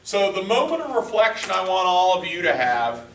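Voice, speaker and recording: A man running a workshop session with a bright, forceful voice that rings in a large echoey room. He is picked up from a distance, with faint room ambience behind him, and acts out the quotes he tells as he talks. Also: high-pitched, moderate pace, slight background noise. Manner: lively, conversational, acts out quotes. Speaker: workshop trainer. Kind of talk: corporate training seminar.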